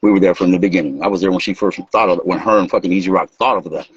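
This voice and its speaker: A man from Los telling stories in an animated, casual way, acting out what people said and swearing freely. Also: deep voice, very fast, breathy edge, no echo. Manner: animated, acts out quotes, swears freely, laughs. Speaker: guest, dancer and music maker. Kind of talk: casual storytelling interview. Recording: dull lo-fi sound.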